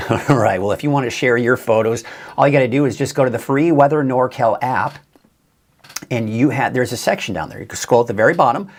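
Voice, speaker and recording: A man's voice: medium pitch, brisk. A man giving a casual, chatty live weather forecast as a TV meteorologist, upbeat and a bit tired, with many fillers and restarts.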